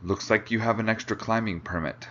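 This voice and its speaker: A man reading as a calm mountain guide. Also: fairly low pitch, fairly quick, voice pushed up, natural voice. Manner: calm, reassuring. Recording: dull lo-fi recording.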